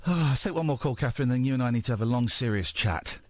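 A man's voice: mid-range voice, fast talker, no echo. A British man hosting late-night talk radio, playful and teasing, with a mock-serious manner. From Britain. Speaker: radio host. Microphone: studio microphone.

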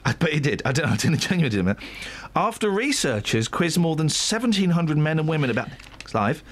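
Jokey English radio host, lively pitch. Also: male voice, fast talker, a little hiss or hum. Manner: jokey, rambling, reads stories with comic asides. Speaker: radio presenter. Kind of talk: casual breakfast radio chat.

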